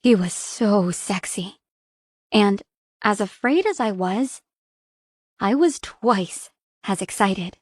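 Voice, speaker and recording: A young adult woman narrating a first-person romance audiobook in a soft, intimate reading. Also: mid-range voice, expressive, takes it slowly, long pauses, dry recording, clean studio sound.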